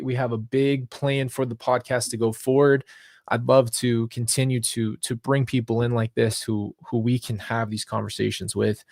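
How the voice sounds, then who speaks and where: A young man hosting a podcast, thanking his viewers in a heartfelt, halting way with many restarts, and getting close to tears. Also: mid-range voice, creaky, no room sound. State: emotional, near tears. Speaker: podcast host. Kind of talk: live podcast sign-off to viewers.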